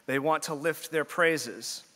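A man's voice: fairly high pitch, takes it slowly, sharp tone. A man preaching a sermon as pastor in a church, earnest, with frequent restarts. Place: church sanctuary. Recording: long church-hall reverb.

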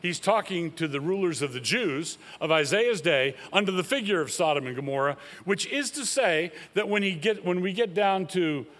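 A man's voice: sits high, lively intonation, normal speed, few pauses, a bit bright, long reverb tail. A man preaching a sermon as a pastor, speaking emphatically and rising sharply when he quotes.

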